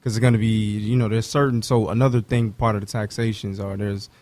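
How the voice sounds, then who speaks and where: A man's voice: on the low side, level tone, a little fast, darkish tone, dry recording. A man as a financial advisor guest, explaining things in a plain, matter-of-fact way. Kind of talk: casual explanation.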